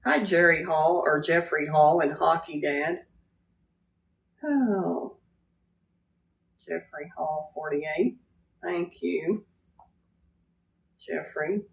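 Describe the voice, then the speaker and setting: A woman's voice: low-pitched, very slow, vocal fry, long pauses, slight background noise. A woman hosting a casual livestream, greeting viewers by name and laughing often as she chats. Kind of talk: casual live chat.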